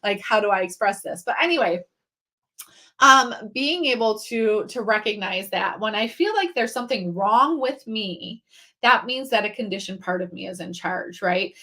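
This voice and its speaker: A woman's voice: medium pitch, expressive, moderate pace, pushed and bright. A middle-aged woman leading a live online training, talking casually with many fillers and restarts and greeting viewers by name. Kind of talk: live-streamed teaching talk.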